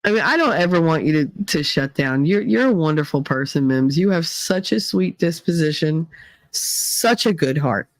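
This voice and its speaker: A woman's voice: deep voice, animated, moderate pace, dry recording, rough recording. A middle-aged woman hosting a casual livestream, chatting with viewers by name and swearing freely. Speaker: livestream host reading chat. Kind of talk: casual chat.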